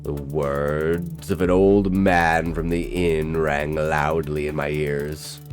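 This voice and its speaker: A man's voice: extremely low pitch, steady tone, slow pace, few pauses, faint music behind. A man giving scripted first-person horror narration with a dramatic, intense delivery. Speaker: storyteller.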